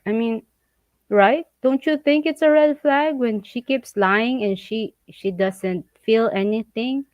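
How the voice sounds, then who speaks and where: A woman talks slowly and deliberately in a casual vlog chat, animated and often laughing. Her voice sounds close and dry with no room around it, and a little dull and muffled. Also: a little high, dry recording. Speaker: vlog co-host. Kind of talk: casual chat reading viewer comments.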